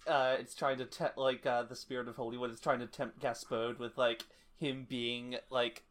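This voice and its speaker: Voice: mid-range voice, flat delivery, normal speed, fairly bright tone. A podcast co-host in casual chat about a fantasy novel, playful, swearing casually and laughing often. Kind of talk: casual book-club chat.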